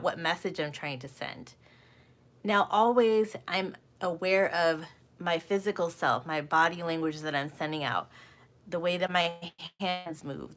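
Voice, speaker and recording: A woman's voice: lowish voice, a bit bright. A middle-aged woman giving a live coaching talk, earnest and full of rhetorical questions that she often repeats. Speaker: communication coach.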